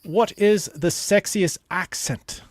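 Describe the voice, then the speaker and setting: A man hosting a casual livestream, rambling and halting, full of dad jokes. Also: sits high, dry recording. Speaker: livestream host.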